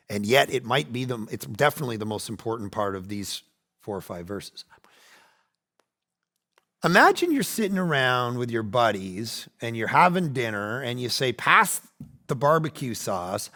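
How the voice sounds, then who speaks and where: Pastor, male, 40s: gravelly, bright sermon voice, animated, dips to hushed then builds up. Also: fairly high pitch, moderate pace. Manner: animated, acts out quoted voices, swings between loud and hushed.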